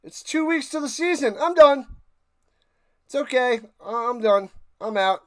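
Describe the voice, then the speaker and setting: A man's voice: extremely high pitch, lively intonation, a little slow, clean tone, no room sound, clean studio sound, pitched above the performer's own voice. A man putting on the voice of a smug star quarterback quitting in a huff, in a mocking, dismissive tone.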